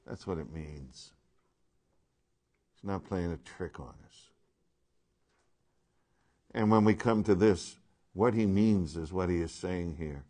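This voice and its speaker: A man's voice: sits low, unhurried, long pauses, mellow. A man teaching a Bible class, speaking emphatically and asking his listeners questions.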